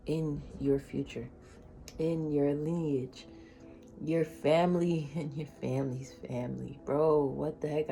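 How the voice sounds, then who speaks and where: A woman giving a casual tarot reading, emotional and slangy, swinging between loud excitement and soft near-whispers. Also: low voice, vocal fry, a little hiss or hum. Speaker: tarot reader.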